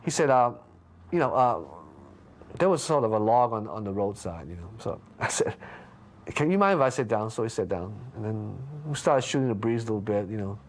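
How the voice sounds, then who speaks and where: A man being interviewed, casually telling a story with lots of restarts and stammers, jumping up in pitch when he acts out what people said. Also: fairly quick. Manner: lively anecdote with frequent restarts and stammers; acts out quoted lines with big pitch jumps.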